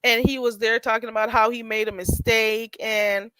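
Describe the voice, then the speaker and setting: A woman's voice: fairly high pitch, little pitch movement, moderate pace, bright, forceful tone, smooth, no room sound, poor audio. A woman, nasal and congested, casually telling a gossip story to her livestream chat with many restarts and asides. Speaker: livestream host.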